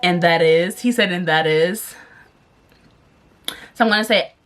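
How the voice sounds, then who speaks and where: A young woman vlogging a text prank on her boyfriend, chatting casually, giggling and reading song lyrics out slowly. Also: on the low side, a bit bright. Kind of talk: casual vlog narration.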